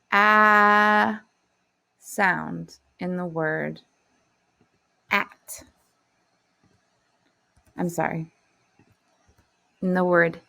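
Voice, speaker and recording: A woman's voice: lowish voice, vocal fry, fairly bright tone. A woman teaching a phonics lesson to young children, speaking in a patient, encouraging way. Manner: slow, patient, encouraging classroom delivery.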